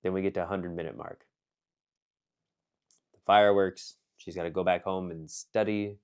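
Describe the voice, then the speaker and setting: A man casually reviewing an anime film, rambling with lots of fillers and restarts, jumping between excited bursts and quiet muttered asides. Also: sits low, moderate pace, clean tone.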